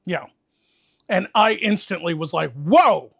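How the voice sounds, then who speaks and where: A man's voice: high voice, animated, takes it slowly, vocal fry, a bit bright, dry recording. A man casually telling a long, profane story to friends on a stream, talking with lots of energy.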